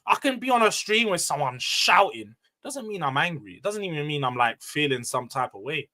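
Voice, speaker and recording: Loud, animated young man. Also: fairly high pitch, brisk, poor audio. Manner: loud, emotional and animated, ranting then calming down. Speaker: livestream host. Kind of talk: casual live-stream football chat.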